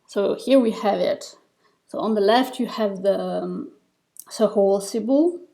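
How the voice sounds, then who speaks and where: Slow, mellow woman teaching patiently. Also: medium pitch, gravelly. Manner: patient, step-by-step explaining with fillers and restarts. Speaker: Tibetan reading teacher. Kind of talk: recorded lesson over slides.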